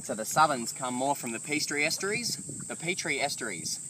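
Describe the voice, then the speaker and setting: A young Australian man co-hosting a casual crabbing video outdoors by an estuary, explaining the catch and exclaiming loudly as he handles the crabs. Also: medium pitch, expressive, brisk. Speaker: co-host. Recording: distant camera mic with loud outdoor noise.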